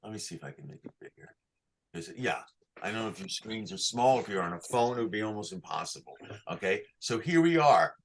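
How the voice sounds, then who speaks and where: A man teaching a class on chanting, who asks patient questions and sings short phrases slowly to show how they go. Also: fairly low pitch, animated, a little hiss or hum. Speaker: cantor teaching Torah chanting. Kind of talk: online class, chanting examples.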